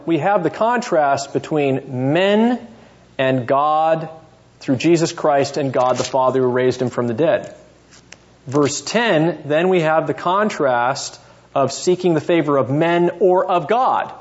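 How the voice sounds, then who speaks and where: A male seminary professor leading a classroom Bible lesson, putting questions to students by name and thinking aloud as he goes. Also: a little high. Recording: dull lo-fi classroom recording.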